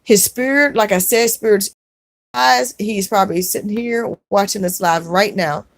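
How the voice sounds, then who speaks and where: A woman vlogger on a casual livestream, reading viewer comments aloud in a gentle, consoling way, with fillers and restarts. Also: medium pitch, normal speed, no room sound.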